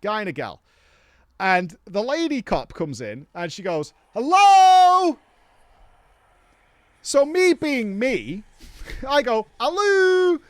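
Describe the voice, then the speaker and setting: Lively high-voiced man telling a story. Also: unhurried, no room sound. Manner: animated, swearing, laughing while telling a story. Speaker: podcast host. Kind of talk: casual storytelling.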